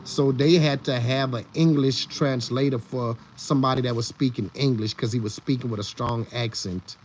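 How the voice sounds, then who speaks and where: A man hosting a live stream, talking loosely with his chat in a voice of ordinary middle pitch. He stumbles, restarts his sentences and repeats words as he goes, and he greets viewers by name. A faint hiss of noise sits under his voice. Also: fairly even intonation, normal speed. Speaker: livestream host.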